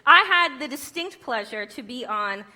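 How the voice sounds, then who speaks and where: A woman's voice: high voice, lively intonation, moderate pace, sharp tone. A woman giving a conference keynote speech, emphatic and rhetorical, with wry humor. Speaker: keynote speaker.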